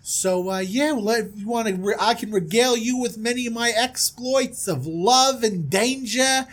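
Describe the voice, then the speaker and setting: A man's voice: very high-pitched, moderate pace, fairly bright tone, pitched above the performer's own voice. A man putting on a brash, boastful mobster prince. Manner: brash, schmoozing, self-satisfied. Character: boastful young male prince, mob-boss swagger.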